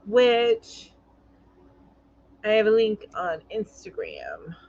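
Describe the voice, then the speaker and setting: A woman's voice: medium pitch, wildly swooping pitch, very slow, gravelly, a little mellow, slight background noise. Woman, live-stream host, casual chat, reads comments aloud, lots of ums, muffled lo-fi audio. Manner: chatty, reads viewer comments aloud with frequent fillers.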